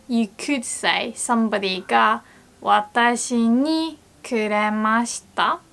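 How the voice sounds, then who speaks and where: A woman teaching grammar in a patient, explanatory way. She repeats example sentences slowly and builds playful little scenarios to make points clear. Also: a little high, a bit bright. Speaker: language teacher.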